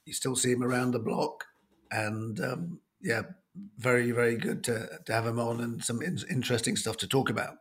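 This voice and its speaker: A man in his fifties with a croaky, hoarse voice from a cold, hosting a casual sports chat with plenty of ums and restarts. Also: mid-range voice, fairly even intonation. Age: 50s. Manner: halting, with many ums and restarts. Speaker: sports show host.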